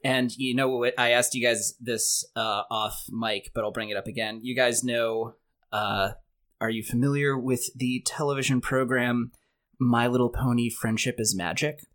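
A man hosts a relaxed conversation about a classic film. He steers the discussion and recaps scenes with dry, wry asides. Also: medium pitch, moderate pace. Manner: leads the talk, recaps the plot with wry asides. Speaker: podcast host. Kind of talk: casual movie discussion.

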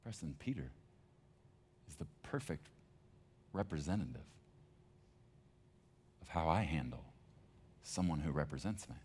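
A man's voice: extremely low pitch, expressive, measured pace, pauses often, darkish tone, slight background noise. A male pastor preaching a sermon in a conversational, emphatic storytelling manner.

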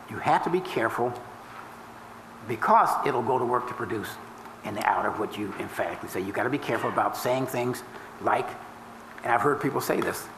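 Male minister, mid-pitched, preaching to a congregation; deliberate teaching delivery in a reverberant room. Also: a bit bright, a little hiss or hum. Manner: teaching, explains step by step with formulas and scripture; emphatic rises and drawn-out slow phrases. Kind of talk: sermon. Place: church before a congregation.

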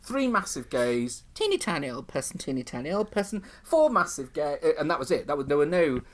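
Guy comedian chatting, camp and animated, tells stories and slips into silly voices. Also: a little high, fast. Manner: camp, animated storytelling, puts on old ladies' voices. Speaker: comedian and compere. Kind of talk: casual chat, anecdotes.

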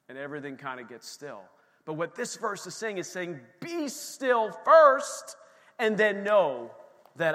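High bright-voiced guy preaching in church, animated, long echo off the sanctuary. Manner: animated preaching, acts out quoted voices, calls out to the congregation. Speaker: pastor. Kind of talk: sermon.

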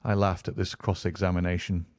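A man's voice: sits low, flat delivery, fairly quick, darkish tone, no room sound. A man reading a classic story aloud as narrator. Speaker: audiobook narrator. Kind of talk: scripted narration.

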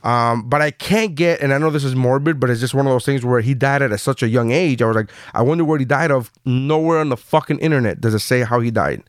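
A man's voice: medium pitch, fast, few pauses, dry recording, clean studio sound. A man in his thirties hosting a podcast in casual chat, rambling with many fillers and swearing. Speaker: podcast host.

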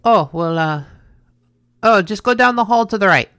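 A storyteller voicing a male bartender in an undersea bar, speaking in loud, blustery sailor talk. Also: mid-range voice, lively intonation, moderate pace, dry recording, clean studio sound, voice pushed up. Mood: eager.

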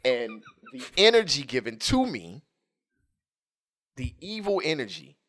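A man co-hosting a podcast, telling a comic story in a casual, animated way. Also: medium pitch, measured pace. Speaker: podcast co-host. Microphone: headphones and studio microphone.

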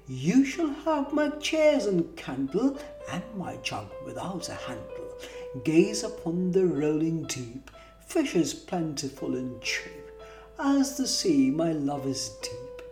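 A woman's voice: sits low, big pitch swings, takes it slowly, exaggerated voice. A woman reading as the lovelorn Yonghy Bonghy Bò. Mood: hopeful. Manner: sing-song pleading verse. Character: lonely small male creature with a huge head, lovelorn. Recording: roomy distant mic with guitar music.

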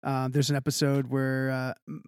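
A man's voice: mid-range voice, monotone, normal speed, clear, resonant tone, no echo. A man co-hosting a podcast, chatting casually and telling stories that wander, with lots of filler words. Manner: rambling, filler-heavy storytelling with lots of "like". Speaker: podcast co-host. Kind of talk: casual chat.

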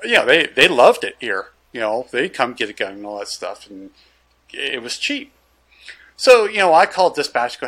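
A man's voice: medium pitch, normal speed. A man, a gun dealer, telling a story in casual chat and acting out the dialogue. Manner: animated, loose storyteller who acts out the dialogue.

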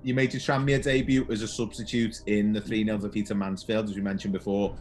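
A man's voice: fairly low pitch, flat delivery, brisk, a little hiss or hum. A man hosting a podcast, asking quiz questions in a casual, chatty way and laughing often. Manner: chatty, laughs often, calls guest "mate". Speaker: podcast host.

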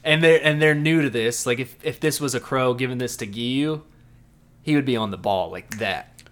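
An easygoing man chatting on a casual podcast, mostly agreeing in short replies. His voice sits at a middle pitch, and he adds his own takes in a relaxed, friendly flow. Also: normal speed. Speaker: podcast co-host. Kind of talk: casual anime recap chat.

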